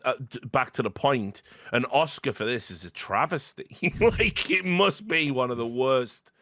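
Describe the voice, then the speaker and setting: A man's voice: medium pitch, animated, measured pace, a bit bright, a little hiss or hum. A young adult man hosting a podcast, chatting casually and animatedly about an old film with swearing and laughs. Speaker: podcast host. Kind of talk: casual film-review chat.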